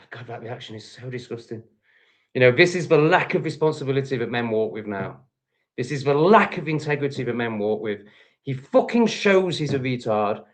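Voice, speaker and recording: A man's voice: mid-range voice, lively intonation, moderate pace. A man from England with an English accent, ranting angrily and profanely on a livestream. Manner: profane, heated, repetitive ranting. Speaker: livestream host. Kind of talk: angry livestream rant.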